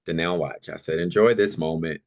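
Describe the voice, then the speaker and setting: Very deep-voiced man telling stories. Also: fairly quick. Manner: animated, many "you know" and "like" fillers; easygoing, laughs often. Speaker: podcast guest. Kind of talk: casual storytelling chat.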